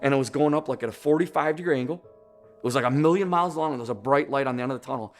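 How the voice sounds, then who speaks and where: A man's voice: mid-range voice, very fast, soft background music. Earnest middle-aged man telling his story. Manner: earnest, searching for words. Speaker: near-death experience witness. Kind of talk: personal testimony.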